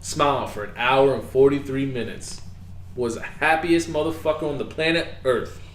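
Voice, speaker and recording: A man co-hosting a casual podcast chat, telling stories in a lively way and acting out his own reactions. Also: mid-range voice, normal speed, a little hiss or hum. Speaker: podcast co-host. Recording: echoey room.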